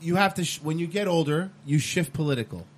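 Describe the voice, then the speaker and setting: A man's voice: fairly high pitch, quick pace, breathy edge. A man co-hosting a podcast, arguing his point insistently in casual chat. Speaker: podcast co-host.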